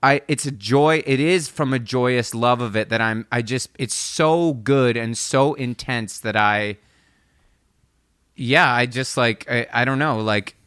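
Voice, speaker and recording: Male co-host, smooth clear voice, dry close sound, eager rambling chat. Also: medium pitch, measured pace, a bit bright, no room sound. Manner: rambling and enthusiastic, restarts often. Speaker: podcast co-host. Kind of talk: casual music chat.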